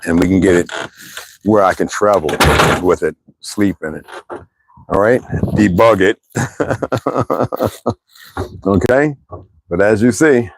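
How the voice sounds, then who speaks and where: Low-voiced man in his sixties, chatty. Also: slow pace, creaky, pauses often, low-quality recording. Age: 60s. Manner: rambling, chatty, laughs often, addresses viewers directly. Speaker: livestream host. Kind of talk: casual livestream chat.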